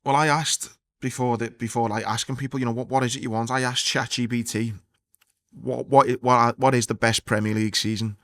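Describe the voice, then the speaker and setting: A blunt, excitable man talks football on a podcast, swearing freely as he gets going. His voice sits at an ordinary middle pitch and sounds close and dry, with no room echo. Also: a little fast. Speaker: podcast co-host. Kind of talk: casual football chat.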